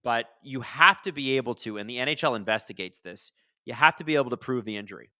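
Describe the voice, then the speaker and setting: A man hosts a casual live hockey watch-along, rambling through viewer questions in a bright, forceful voice. The sound is close and dry, with no room around it. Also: medium pitch, fast talker, no echo. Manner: chatty, rambling, answers chat questions; bursts into excited shouts at big plays. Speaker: hockey livestream host.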